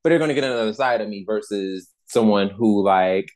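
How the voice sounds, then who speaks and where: A man co-hosting a podcast in casual chat, animated and slangy, laughing often. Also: fairly low pitch, brisk. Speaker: podcast co-host.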